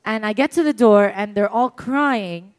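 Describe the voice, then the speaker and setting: A woman casually telling an embarrassing story in a chat, animated and laughing often as she talks. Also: medium pitch, a little slow, clean tone.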